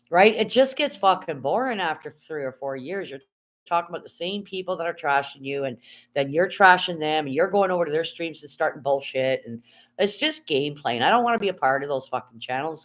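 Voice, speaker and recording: A woman's voice: deep voice, lively intonation, fairly quick. A woman, chatting casually on a live stream, rambling, answering her chat and swearing freely.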